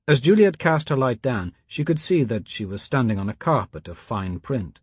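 A male audiobook narrator reading in a measured, quiet way. His voice is husky and middle-pitched. The recording is close and dry. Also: expressive, dry recording.

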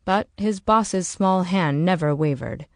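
Casting: woman audiobook narrator, low voice, steady, dry close sound. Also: slow pace, no room sound.

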